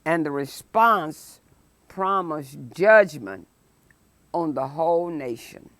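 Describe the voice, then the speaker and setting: A woman teaching a Sunday school lesson, preaching emphatically and breaking into loud exclamations. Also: sits low, lively intonation, no echo. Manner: emphatic, rises to shouted exclamations; slow, deliberate phrasing.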